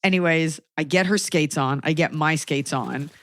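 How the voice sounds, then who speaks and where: A woman's voice: deep voice, normal speed, fairly bright tone, dry recording, clean studio sound. A woman in her thirties hosting a podcast, telling a comic story in a sarcastic, exasperated way. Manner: sarcastic, exasperated anecdotes with quoted asides. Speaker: podcast host. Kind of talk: comedic storytelling chat.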